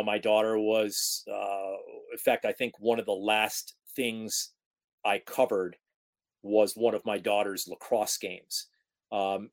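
A man in his forties from upstate New York, a sports broadcaster telling career stories in a casual interview, acting out the voices of the people in them. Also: fairly low pitch. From Capital Region of New York. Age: 40s. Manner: animated storyteller, acts out quoted talk.

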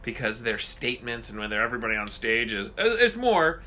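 A man co-hosting a casual podcast chat, ranting and swearing in an animated way. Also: medium pitch, a little fast, slight background noise.

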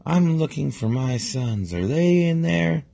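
A man voicing a big, courteous father rubber duck in a bedtime story, booming and earnest. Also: expressive, a little fast, a little mellow, husky, exaggerated voice. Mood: worried.

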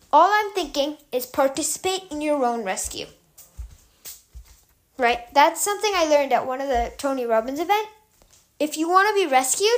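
A young woman podcast host telling a story in a calm, chatty way, loose with fillers. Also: high voice. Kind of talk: casual storytelling.

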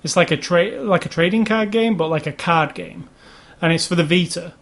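A man's voice: sits high, normal speed, gravelly, a bit bright. A man co-hosting a casual chat about video games, rambling along with restarts and fillers. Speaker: podcast co-host.

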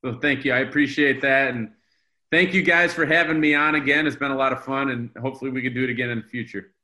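Upbeat man with a bright voice. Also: mid-range voice, steady tone, quick pace. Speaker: podcast guest. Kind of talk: casual podcast chat.

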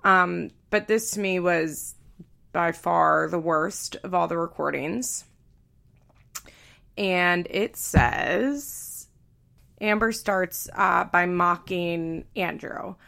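A woman podcast host with a gravelly, fry-edged voice, talking casually and candidly to her listeners. She reads quoted lines in a flat, offhand way. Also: on the low side, very slow. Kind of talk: casual podcast chat, reading a transcript aloud.

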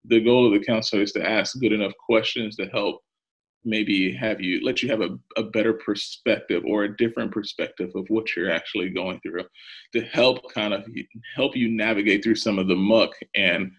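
A pastor speaking in an earnest, preacherly way as a guest on a podcast. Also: male voice, on the low side, fairly even intonation, moderate pace, a bit bright, breathy edge, lo-fi sound. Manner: earnest and preacherly, with some restarts. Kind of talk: reflective conversation.

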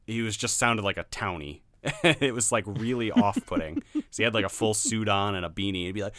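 Man, low and bright, blunt laughing game reviewer; crisp, dry close recording. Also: fairly quick, no room sound. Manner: laughing, blunt, swears freely. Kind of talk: casual podcast chat.

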